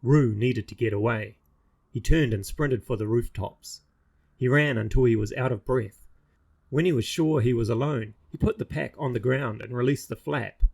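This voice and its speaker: A man reading his own fantasy novel aloud in a steady, measured storybook narration. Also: mid-range voice, vocal fry.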